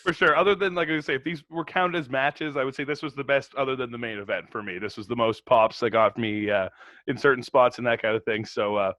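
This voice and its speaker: A man's voice: mid-range voice, a little fast, bright, forceful tone, no echo. A man co-hosting a podcast, chatting casually and recapping a wrestling show with plenty of fillers and easy laughs. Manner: laid-back, lots of fillers and laughs. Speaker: podcast co-host.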